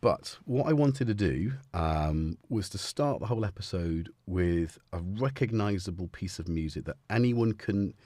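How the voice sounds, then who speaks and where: A man's voice: low voice, expressive, unhurried, few pauses, darkish tone, no room sound. A man hosting a live stream, chatting in a rambling, jokey way that keeps interrupting itself. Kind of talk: casual live-stream chat.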